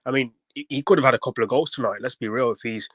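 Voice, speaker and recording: A man's voice: mid-range voice, racing, a bit bright, slightly rough, no room sound. Rambling man calling in on football. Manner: rambling, lots of fillers. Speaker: caller. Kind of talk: football match reaction.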